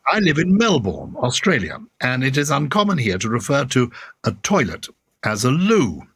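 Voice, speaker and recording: A man's voice: mid-range voice, huge pitch swings, moderate pace, fairly bright tone, slightly rough, dry recording, clean studio sound. An older man co-hosting a podcast, reading out listener letters in a playful, theatrical way. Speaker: podcast co-host.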